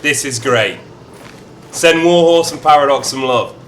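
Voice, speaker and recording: A man's voice: mid-range voice, a little slow, fairly bright tone, a little hiss or hum. A man streaming a strategy game, chatting playfully and reading event text aloud in shifting mock accents.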